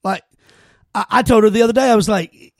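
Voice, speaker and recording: A podcast host with a high-sitting voice talks a little fast, telling stories casually and earnestly with many false starts and restarts. It is a heartfelt, casual conversation, recorded in studio quality with no echo.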